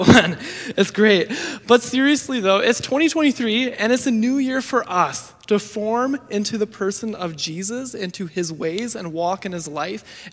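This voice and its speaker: A young man preaching a sermon as youth pastor, speaking in an energetic, upbeat and earnest way. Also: high voice. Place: church sanctuary. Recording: reverberant church hall.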